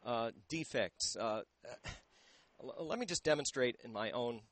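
A man, a voice teacher, explaining singing technique in a radio interview into a handheld microphone, pausing often to search for words. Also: medium pitch, expressive, fairly bright tone, dry recording.

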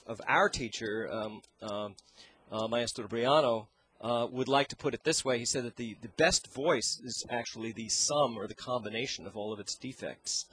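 A man teaching singing as an interview guest, talking in a halting way and searching for his words into a handheld microphone. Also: medium pitch, a bit bright, breathy edge. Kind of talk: explaining with sung demonstrations.

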